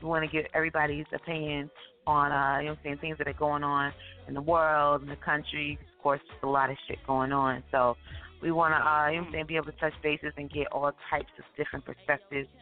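A woman hosting a call-in radio talk show in a loose, casual way, full of fillers, with a deep morning voice after a late night. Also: little pitch movement, quick pace. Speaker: host. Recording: tinny phone line with faint music.

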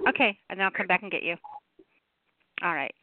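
A woman's voice: lowish voice, lively intonation, a little fast, slight background noise. A woman hosting a call-in poetry radio show, chatting casually and rambling with lots of fillers. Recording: tinny phone-line audio.

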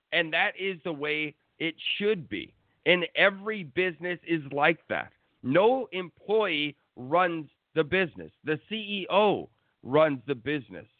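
A man's voice: a little high, no room sound. A man giving blunt, profane sports opinions in a casual talk-show rant. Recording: tinny phone-like line, dry.

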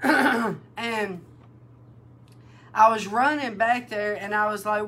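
A woman minister giving an emotional testimony in a sermon, telling her story with animated feeling. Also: mid-range voice, slow, long pauses, slight background noise. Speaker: prophetic minister.

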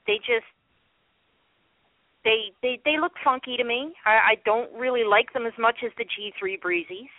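A woman's voice: on the high side, normal speed, no room sound. A woman co-hosting a casual chat show, talking with enthusiasm. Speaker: podcast co-host. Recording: tinny phone-line call, dry.

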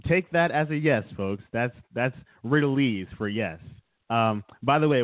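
A man's voice: mid-range voice, lively intonation, normal speed, few pauses, dry recording. A man co-hosting a casual comedic chat show, rambling and teasing his co-host with frequent chuckles. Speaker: podcast co-host. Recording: dry, tinny phone-like sound.

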